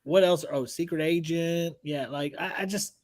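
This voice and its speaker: A man's voice: fairly high pitch, normal speed. Laid-back, laughing man co-host. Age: 40s. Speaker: podcast co-host. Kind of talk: casual podcast chat.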